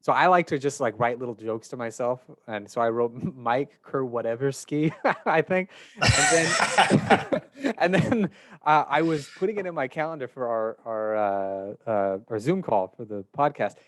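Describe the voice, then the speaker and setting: A man hosting a podcast in a relaxed, chatty way, often laughing at his own jokes. His voice sits at a middle pitch and comes across dry and close, with no room sound around it. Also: normal speed, no room sound. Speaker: podcast host. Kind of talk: casual interview chat.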